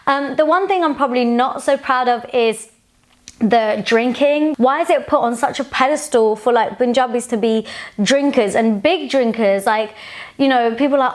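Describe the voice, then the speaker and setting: A woman's voice: fairly high pitch, moderate pace. A woman in her twenties answering viewer questions in a casual, frank, chatty vlog. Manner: chatty and frank, with sassy asides.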